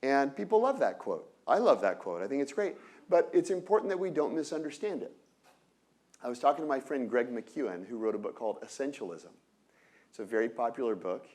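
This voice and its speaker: A man giving an energetic lecture on innovation to an audience, often asking rhetorical questions and breaking off into quick asides. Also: mid-range voice. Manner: energetic, peppered with rhetorical "right?"; asides and self-corrections.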